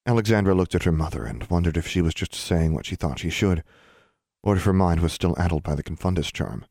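A man narrating an audiobook in a measured storytelling manner. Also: sits low, animated, creaky, darkish tone, no room sound, clean studio sound. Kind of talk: scripted narration.

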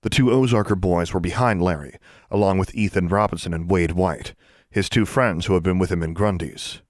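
Male storybook narrator, low and lively, close and dry sound. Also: a little fast, no echo. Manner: expressive storytelling, shifts into character voices. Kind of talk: audiobook narration.

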